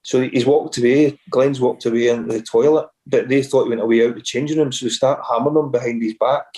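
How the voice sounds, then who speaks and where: A Scottish former footballer, appearing as a guest, tells casual stories in a mellow, medium-pitched voice that's fairly even and quick. His anecdotes ramble, with many restarts and acted-out quotes.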